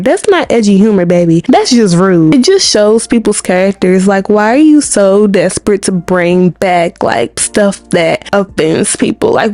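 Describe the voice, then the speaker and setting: A woman's voice: mid-range voice, no echo. A young woman recapping a TV episode in a casual, sassy and blunt way. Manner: sassy, blunt, animated ranting. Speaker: TV episode reviewer.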